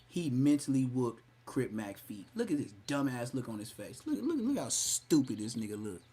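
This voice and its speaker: Dude on a live podcast clowning somebody, cussing a lot, gets loud sometimes. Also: male voice, medium pitch, very animated, moderate pace, breathy edge. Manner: mocking, profane, loud outbursts. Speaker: podcast host. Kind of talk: live-stream roast commentary.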